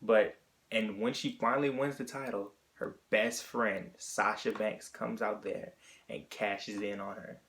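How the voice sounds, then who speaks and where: A man's voice: lowish voice, fairly even intonation, a little slow, fairly bright tone. A man talking through his opinions in a casual solo monologue, thinking aloud and often rephrasing mid-sentence. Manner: chatty and opinionated. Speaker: wrestling vlogger.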